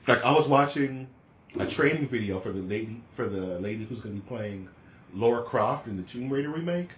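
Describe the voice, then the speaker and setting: A man co-hosting a podcast in casual chat, talking in an excitable, rambling, slangy way. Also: mid-range voice, fairly quick, reverberant, dull audio. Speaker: podcast co-host.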